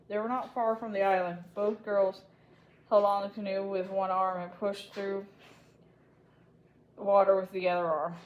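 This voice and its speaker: A woman's voice: medium pitch, a little mellow, a little hiss or hum, low-quality recording. Woman reading a children's book aloud. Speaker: storybook reader.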